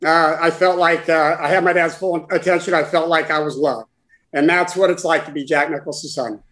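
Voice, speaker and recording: A man in his sixties, a guest, telling a personal story in conversation in a halting, heartfelt way with many restarts. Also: a little high, fairly even intonation, fairly bright tone, poor audio. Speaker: guest, former caddie for his father.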